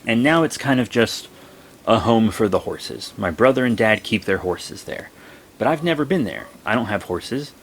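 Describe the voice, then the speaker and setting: A young man vlogging, telling a rambling story in a casual way and breaking into high, excited exclamations. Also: normal speed, slight background noise.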